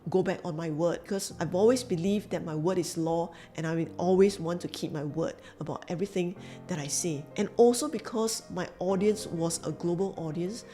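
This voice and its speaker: Soft music plays behind a woman with a lowish, dark voice who speaks at normal speed in Singaporean-accented English. As a business coach telling her story to camera, she's earnest and emphatic, repeating key phrases to motivate.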